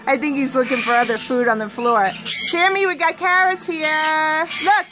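A woman talks over music at a normal pace, her high-pitched voice holding a steady tone. She's a keeper in an indoor bird room, using sing-song baby talk to get her pet birds to say hello while they squawk and chatter loudly around her.

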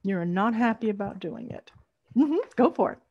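A woman's voice: medium pitch, expressive, moderate pace, mellow, lo-fi sound. A middle-aged woman, leading an online storytelling workshop over a video call, encouraging and laughing often.

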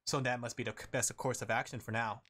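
A man's voice: medium pitch, steady tone, fast talker, bright, forceful tone. A man streaming a game, chatting casually with his viewers and laughing often as he plays. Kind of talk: casual gaming commentary.

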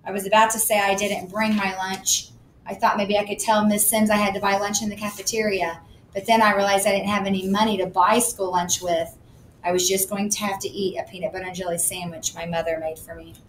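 Woman narrator, children's book, matter-of-fact, middle pitch, roomy recording. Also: level tone, a little fast, a little hiss or hum. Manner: plain, matter-of-fact storytelling. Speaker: audiobook narrator. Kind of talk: first-person children's book reading.

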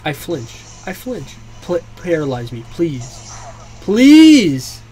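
A young man recording a let's play, exasperated, pleading with the game and swearing, now and then erupting into shouts. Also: fairly high pitch, measured pace, breathy edge, faint music behind. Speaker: gaming YouTuber. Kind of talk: frustrated let's play commentary. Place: home room.

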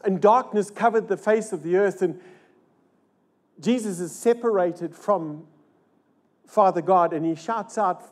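An older man preaching a church sermon, dramatic, swinging between loud rises and hushed low lines and asking rhetorical questions. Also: unhurried, pauses often. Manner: asks the crowd rhetorical questions. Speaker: pastor. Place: church service.

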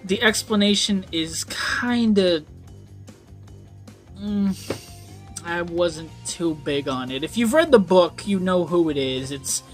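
A man's voice: high-pitched, lively intonation, takes it slowly, long pauses. Young man, casual book review, rambling, lots of ums, curses when annoyed, faint music behind. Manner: rambling, frequent ums, swears when worked up.

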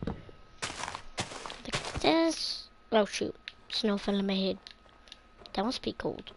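A woman's voice: medium pitch, expressive, slow pace, vocal fry. A woman giving casual gameplay commentary, rambling playfully and often dropping into a whisper. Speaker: gameplay channel host. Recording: loud hiss and clicks on a home mic.

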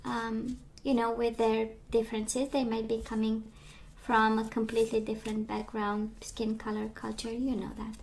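A woman losing her voice gives a gentle, reassuring tarot reading, talking with many fillers. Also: fairly high pitch, completely flat delivery, normal speed, hardly any pauses, slight background noise. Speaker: tarot reader.

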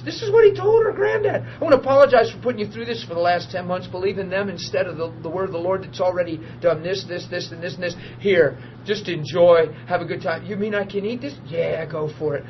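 A high-pitched man preaches to a small group in a meeting room, telling testimony stories as informal sermon storytelling. He's animated, acts out the people's voices, and laughs often. The archive recording is dull and lo-fi with faint hiss.

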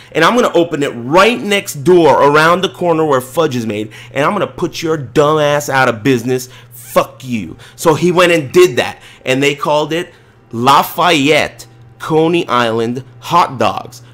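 A man streaming, telling a casual, profane, rambling story with animated delivery. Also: a little high.

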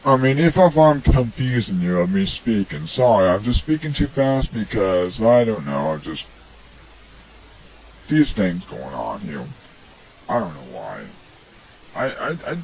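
A man's voice: medium pitch, very animated, measured pace, darkish tone, breathy edge, poor audio. A man hosting a homemade radio show, rambling through a preachy opinion monologue full of "I mean" and "come on". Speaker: amateur radio show host. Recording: homemade hobby recording.

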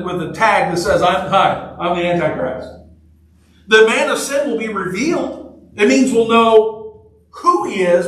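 A pastor with a high, fairly bright voice preaches in a church sanctuary, joking conversationally and repeating short phrases for emphasis. The recording comes from far off in an echoey church hall.

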